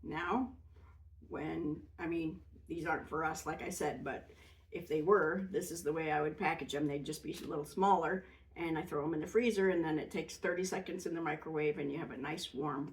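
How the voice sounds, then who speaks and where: A woman's voice: lowish voice, a little mellow. A woman hosting a casual home cooking demonstration, explaining each step plainly and chattily with easy fillers, in a kitchen. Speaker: cooking channel host. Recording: voice a bit far from the mic.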